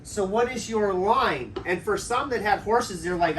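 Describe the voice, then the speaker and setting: A pastor preaches in a loose, conversational way, drawing answers out of the congregation and tagging his points with "right?". His voice sits fairly high for a man. He is recorded from some distance, with faint noise underneath. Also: a little slow, a bit bright. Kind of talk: interactive sermon.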